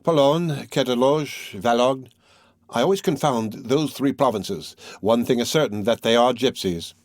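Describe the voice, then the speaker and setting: A man's voice: mid-range voice, unhurried, no echo, studio quality, natural voice. A man voicing a chatty, offhand townsman in a classic novel. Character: chatty medieval townsman, easygoing. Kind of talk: scripted narration.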